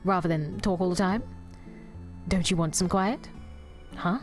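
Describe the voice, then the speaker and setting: A woman's voice: lowish voice, measured pace, soft background music. A woman streaming a video game, reading its dialogue aloud and swearing at the screen. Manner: profane, loud outbursts at the screen. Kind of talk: casual game stream commentary.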